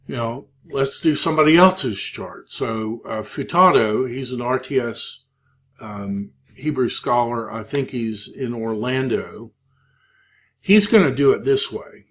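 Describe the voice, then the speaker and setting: A man teaching a Hebrew grammar class, talking slowly with many pauses and fillers. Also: mid-range voice, lively intonation, fairly bright tone. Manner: slow, halting, many fillers. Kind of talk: classroom lecture.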